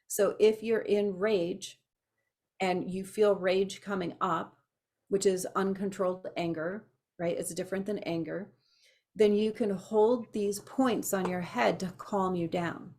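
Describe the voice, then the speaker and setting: A middle-aged woman teaching an empath class, chatty and animated, telling stories with asides. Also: medium pitch, measured pace. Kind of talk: casual teaching to a small class.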